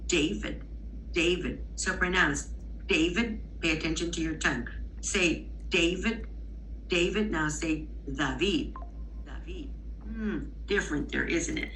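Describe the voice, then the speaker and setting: A woman giving a recorded lecture to teachers. She explains clearly, models sounds aloud, and checks in with rhetorical questions. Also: on the low side, measured pace, a bit bright, a little hiss or hum, low-quality recording. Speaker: instructor for teachers of bilingual children.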